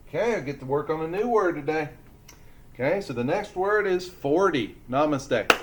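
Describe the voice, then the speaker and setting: A man teaching a lesson to young children, speaking slowly and deliberately as he sounds out letters and syllables. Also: a little high, expressive.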